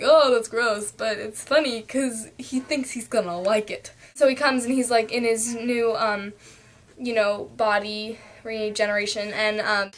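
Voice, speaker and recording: A woman's voice: on the high side, fairly bright tone. A young woman ranting to camera in a casual vlog, chatty and full of fillers, recorded on a cheap camera mic. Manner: chatty, lots of fillers, jumps into quoted voices. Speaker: vlogger.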